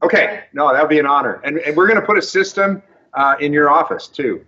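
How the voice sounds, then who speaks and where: A man's voice: on the high side, a little fast, bright, forceful tone. Agreeable male guest on a dull line. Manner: agreeable, short affirmations. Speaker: guest dentist. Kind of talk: casual interview chat.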